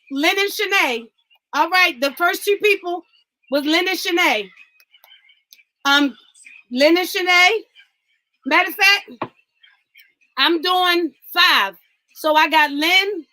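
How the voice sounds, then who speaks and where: A woman's voice: extremely high pitch, sharp tone, rough recording. A woman hosting a live online talk, calling out viewers by name and speaking with exuberant, preacher-like fervor. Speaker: host. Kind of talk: livestream talk, giveaway.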